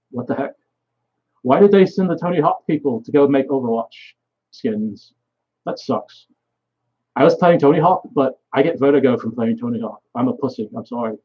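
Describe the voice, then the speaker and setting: A man's voice: mid-range voice, breathy edge, highs cut off. A young man vlogging a rambling solo monologue, swearing often and trailing off mid-thought.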